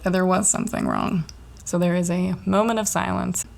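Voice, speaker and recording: A young woman in college, hosting her own podcast and telling a personal story in a chatty, animated way, swearing often and filling her talk with "like". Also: on the low side, moderate pace, creaky. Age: young adult. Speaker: podcast host.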